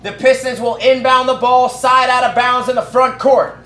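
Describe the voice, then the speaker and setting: A man calling live basketball play-by-play from his own setup, rattling off quick calls and shouting at the big plays. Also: extremely high pitch, steady tone, echoey room, slight background noise. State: out of breath. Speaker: fan play-by-play commentator.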